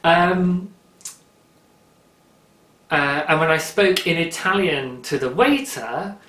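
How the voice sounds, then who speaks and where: Bright, fast-chatting man in his thirties. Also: a little high. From United Kingdom. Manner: fast, excitable and babbling, with frequent laughs. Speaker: podcast host. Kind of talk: casual knitting podcast chat. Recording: roomy, echoey room.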